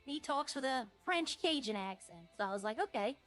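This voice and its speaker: A woman's voice: high voice, expressive, moderate pace, a bit bright, faint music behind. A woman streaming a roleplay game, chatting casually and jokily to her viewers in a rambling way.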